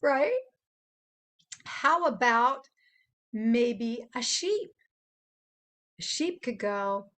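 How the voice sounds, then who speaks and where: An older woman presenting to children in a gentle, playful teaching manner, stopping to imitate animal sounds. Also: a little high, expressive, slow, long pauses. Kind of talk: gentle instructional talk to children.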